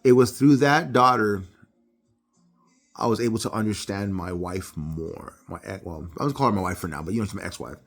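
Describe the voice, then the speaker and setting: A middle-aged man giving a casual Bible devotional talk, telling personal stories with animated, rising delivery. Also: brisk, creaky, faint music behind. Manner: animated storytelling, jumps high when acting out others. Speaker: preacher.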